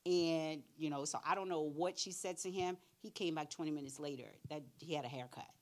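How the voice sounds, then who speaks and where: Low-voiced, animated woman storyteller. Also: fairly quick. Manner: animated storyteller, acts out both sides of conversations; direct, candid, plain-spoken. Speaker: career readiness speaker. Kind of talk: church workshop talk with acted-out anecdotes.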